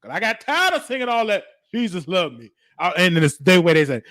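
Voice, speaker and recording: A man tells a long personal story as a show host, his voice pitched high for a man. He swings up and down a lot, acting out the people he quotes. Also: brisk, hardly any pauses, dry recording, studio quality. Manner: animated, acts out quoted voices.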